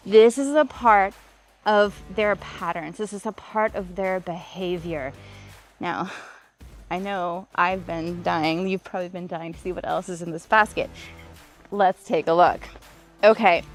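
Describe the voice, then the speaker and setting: A woman vlogging as a relationship coach, telling a personal breakup story and explaining attachment patterns, acting out quoted exchanges with emphatic lists. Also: mid-range voice. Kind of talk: personal vlog storytelling with advice.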